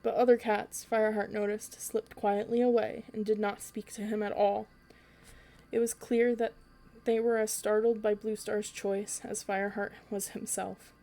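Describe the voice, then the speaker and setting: A woman reading a children's book aloud for a storytelling podcast, in an even way with an occasional slip and restart. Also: medium pitch, normal speed, faint music behind.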